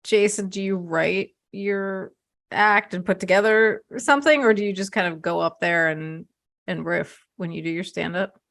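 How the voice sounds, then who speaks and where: Woman, co-host, slightly gravelly voice, mid pitch, curious questions. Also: fairly even intonation, normal speed, fairly bright tone. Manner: asks questions with small hesitations. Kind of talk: casual interview chat.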